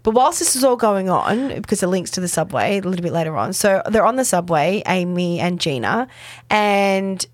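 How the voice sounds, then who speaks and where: A woman's voice: medium pitch, lively intonation, moderate pace, dry recording, clean studio sound. A woman co-hosting a podcast, recapping episodes in a chatty, casual way with lots of fillers. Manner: chatty, many fillers, acts out quotes. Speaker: podcast co-host.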